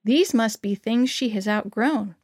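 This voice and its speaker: A tender, worried mother of six from a children's storybook, read aloud by a woman. She speaks softly and reassuringly, her fairly high voice sitting dry and close to the mic. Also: measured pace, no echo. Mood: gentle.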